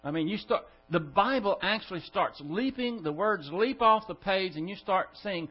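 A man's voice: high voice, expressive, normal speed, few pauses, husky, lo-fi sound. A man teaching a Bible study to a class, emphatic and full of rhetorical questions. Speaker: pastor.

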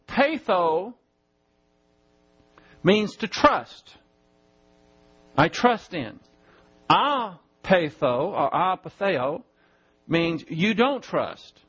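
A man preaching a sermon in a church, teaching Bible verses and slowly spelling out Greek words. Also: high voice, expressive, a bit bright, slightly rough, lo-fi sound. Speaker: pastor.

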